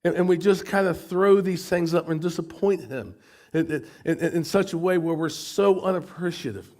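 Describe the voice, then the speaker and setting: American guy preaching a sermon, kinda high voice, keeps tripping over his words. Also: a little mellow. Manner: halting, repeats words often. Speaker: pastor.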